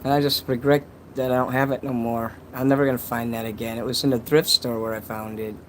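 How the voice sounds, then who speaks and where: A man's voice: mid-range voice, flat delivery, fast, slight background noise, low-quality recording. A man casually chatting on a livestream, reading donations and rambling with crude jokes and many restarts.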